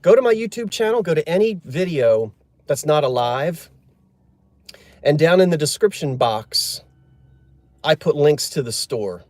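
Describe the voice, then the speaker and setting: Chatty man with a fairly high voice. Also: lively intonation, measured pace, pauses often, a little mellow, dry recording. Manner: chatty, jokey, reads and answers viewer comments. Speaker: livestream host. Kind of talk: casual live-stream chat.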